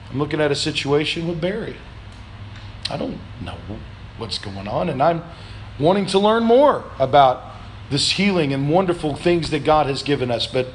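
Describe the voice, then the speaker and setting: A man pastor preaching a sermon in a church, calling for answers from the congregation, swinging between loud, shouted pleas and low, quiet reflection. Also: a little hiss or hum. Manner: preaching with call-and-response, rising to shouts then dropping low. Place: church sanctuary.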